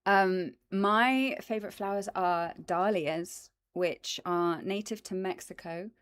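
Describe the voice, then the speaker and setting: A woman's voice: mid-range voice, slow, smooth, no room sound. A woman hosting a casual livestream, chatting enthusiastically with viewers and filling gaps with ums, close to a desk microphone. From British and American. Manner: chatty, enthusiastic, lots of ums and asides to chat. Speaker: voice actress hosting a plant stream. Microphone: desk microphone in front of her.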